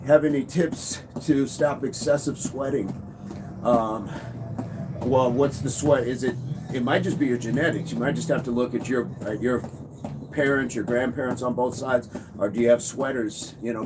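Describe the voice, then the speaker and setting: A man coaching fitness on a casual livestream, upbeat, reading and answering viewer comments. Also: medium pitch. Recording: noisy background.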